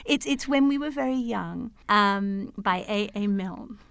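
A woman chatting warmly about childhood rhymes and reading poems aloud, animated and laughing often. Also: mid-range voice, unhurried, vocal fry, clean tone, no room sound. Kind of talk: casual chat and poem reading.

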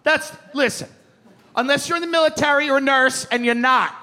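On a theater stage before a live audience, a man performs stand-up, ranting brashly, aggressively and with plenty of profanity. His voice is extremely high, bright and forceful, and brisk in pace, with crowd noise in the recording.

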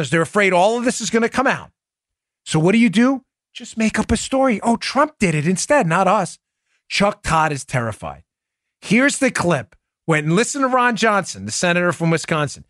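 Animated mocking male podcast host. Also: fairly high pitch, no room sound, clean studio sound. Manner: mocking, animated, laughs at clips. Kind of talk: political commentary podcast.

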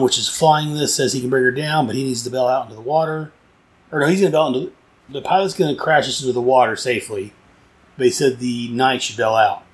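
Casual male comic reviewer, mid-range voice, rambling and enthusiastic, lots of restarts. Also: mid-range voice.

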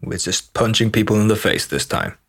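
A man with a lowish voice plays in a tabletop game, joking and rambling. He jumps from thought to thought. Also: lively intonation, a little fast, creaky, a bit bright. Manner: playful, rambling. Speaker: player. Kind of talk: tabletop role-play.

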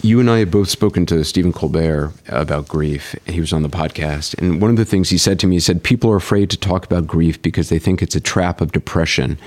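Podcast host guy, really low voice, calm measured questions. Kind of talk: interview.

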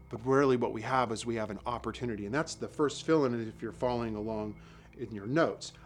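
A middle-aged man delivers a sermon in a loose, conversational manner. His pitch sits in the middle range, and he repeats phrases as he tells stories. Soft music plays faintly underneath. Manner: conversational, storytelling with asides and repetitions. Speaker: lay preacher.

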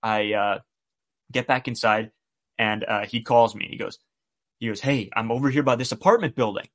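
A man's voice: fairly low pitch, moderate pace. A man co-hosting a podcast, casually retelling a story and acting out the quoted dialogue. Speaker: podcast co-host.

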